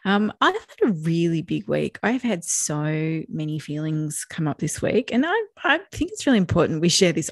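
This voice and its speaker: A middle-aged woman co-hosts a podcast, chatting casually and speaking candidly and reflectively about her feelings. Her voice is low and gravelly, recorded in clean studio quality with no room sound. She comes across as warm and open, laughing often.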